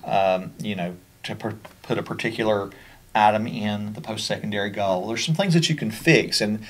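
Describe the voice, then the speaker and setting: The presenter, a man with a Kentucky accent, gives a special education training over slides at a normal pace in a fairly low voice. His manner is conversational, with many fillers and restarts.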